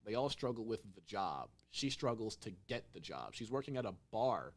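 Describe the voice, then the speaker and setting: Young male podcast host, low voice, animated storyteller who acts out lines. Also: moderate pace. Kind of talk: casual chat.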